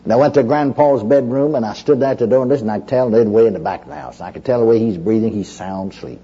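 Husky raspy preacher man, mellow dark tone, folksy storytelling sermon, dull lo-fi recording. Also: medium pitch, quick pace. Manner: folksy storyteller, repeats "you know", restarts often. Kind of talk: sermon with personal testimony.

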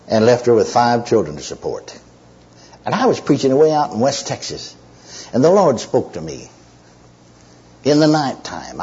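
A man's voice: medium pitch, warm tone, breathy edge. A man preaching and telling a story in an emotional, emphatic way, repeating himself and restarting phrases. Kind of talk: sermon storytelling. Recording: dull lo-fi recording.

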